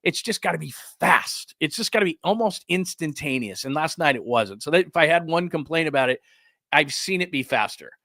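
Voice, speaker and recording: A male sports show host delivers a heated, sarcastic rant, tossing in mocking quotes. His voice sits fairly high and sounds sharp and forceful. The sound is dry and close, with no room around it. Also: animated, fairly quick, no room sound. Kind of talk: ranting sports talk show.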